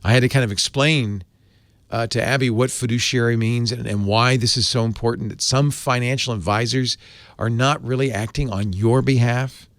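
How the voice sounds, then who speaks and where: A man's voice: normal speed, no echo. Man, middle-aged, show host, casual ad read, personal asides, dry close sound. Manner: chatty, personal asides, animated pitch. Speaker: podcast host reading an ad. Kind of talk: conversational live ad read.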